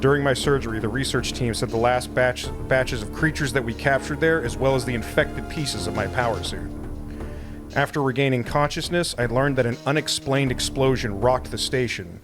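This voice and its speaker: A man voicing a terse female bounty hunter, reading the game's narration in a plain, steady way over game music. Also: mid-range voice, normal speed, close to an everyday voice. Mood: reflective. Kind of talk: reading game dialogue aloud.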